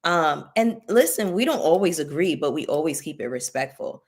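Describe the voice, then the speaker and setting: With a low voice and lively intonation, a YouTube commentary host runs a casual livestream at a moderate pace, chatting with viewers and thanking them by name, with features.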